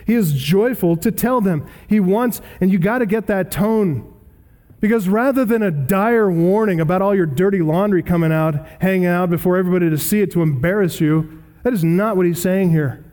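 A man's voice: high-pitched, dark tone. A man preaching an earnest, emphatic expository sermon, reading scripture aloud. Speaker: pastor. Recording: long hall reverb.

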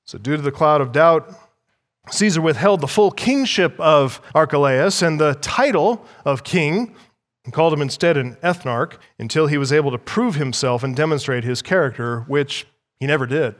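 A pastor preaching an expository sermon in a measured, emphatic way. He teaches by asking the listeners rhetorical questions and repeating key phrases. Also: on the high side, long reverb tail.

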